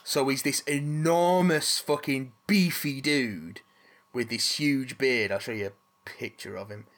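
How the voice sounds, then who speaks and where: A man's voice: medium pitch, fairly bright tone. A man hosting a casual chat, rambling with restarts and casual swearing.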